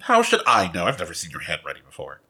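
A male player at a tabletop game, dry and matter-of-fact. His voice is bright and lively in pitch. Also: fast, husky. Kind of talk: tabletop game role-play.

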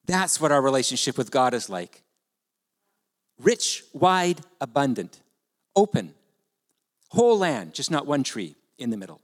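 A man preaching a sermon as pastor, animated and conversational, with rhetorical questions to the congregation. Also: mid-range voice, a little slow, long pauses. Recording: long hall reverb.

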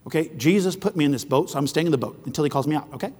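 High, husky preacher man in reverb. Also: racing. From foreign-born, living in southern China. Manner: animated, acts out quoted voices, shouts at peaks; rambling, with frequent restarts in anecdotes. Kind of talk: sermon.

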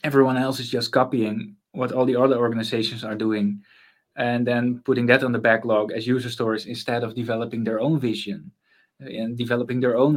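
A man speaks at an everyday mid pitch in a casual interview. He is relaxed and thoughtful, and he often pauses on fillers before picking his thread back up. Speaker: guest, consultant on mental space.

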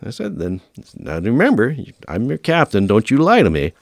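A middle-aged man, a firefighter, telling lively stories in an interview and acting out the dialogue. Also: medium pitch, normal speed, gravelly, dry recording, studio quality. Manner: animated storyteller, acts out quoted dialogue. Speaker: firefighter guest. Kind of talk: storytelling in an interview.

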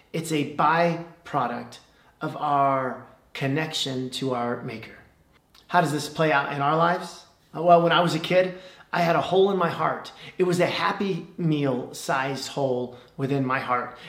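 Man preaching a sermon in an echoey hall. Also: on the high side. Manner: emphatic, measured delivery with dramatic pauses. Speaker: pastor. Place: church.

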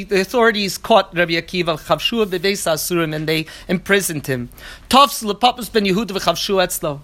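An earnest teacher leads an evening Talmud class in a middle-pitched voice. Each passage is quoted in the original and then translated piece by piece, with restated phrases stacking up. Now and then the speaker pauses on a hesitant filler while searching for the right word. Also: pushed and bright. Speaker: Torah teacher.

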